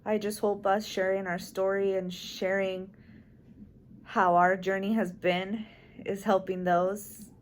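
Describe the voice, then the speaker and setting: A young woman, an expectant mother, speaking softly and with emotion in a casual, grateful chat from a hospital room. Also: mid-range voice, flat delivery, slow pace, slight background noise. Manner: soft-spoken, emotional, grateful.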